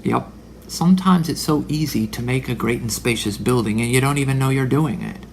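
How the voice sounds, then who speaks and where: A man's voice: medium pitch, brisk, gravelly, a little hiss or hum. A man in his forties delivering a religious monologue, dramatic, sometimes dropping into whispered asides. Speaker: religious speaker. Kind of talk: preaching monologue.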